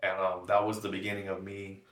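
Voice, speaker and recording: A man's voice: low voice, completely flat delivery, brisk, fairly bright tone. A man giving a tearful, shaky personal testimony, acting out the dialogue in his story. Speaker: guest. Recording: echoey room, mic at a distance.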